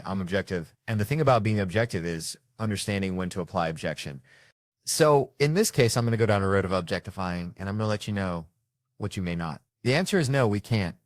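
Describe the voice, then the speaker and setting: A man telling comic stories with lots of swearing, jumping between loud punchlines and muttered asides. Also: no echo, studio quality. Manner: animated, profane, jumps between loud punchlines and low asides. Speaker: comedian. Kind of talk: stand-up and panel comedy storytelling.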